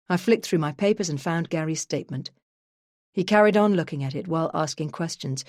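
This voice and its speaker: Low-voiced woman reading first-person true crime. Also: fairly quick, a little mellow, no echo, clean studio sound. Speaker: audiobook narrator.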